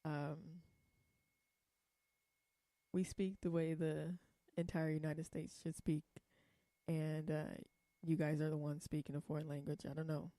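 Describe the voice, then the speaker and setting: A woman's voice: sits low, little pitch movement, measured pace, pauses often, mellow, dry recording, clean studio sound. A young woman from California talking casually in a vlog, blunt and profane, rambling with many fillers. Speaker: vlogger.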